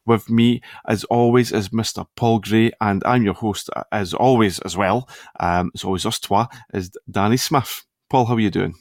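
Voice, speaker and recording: A man's voice: on the low side, moderate pace, dry recording, clean studio sound. A Scottish man hosting a casual football podcast, talking in a rambling, easygoing way and often correcting himself. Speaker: podcast host.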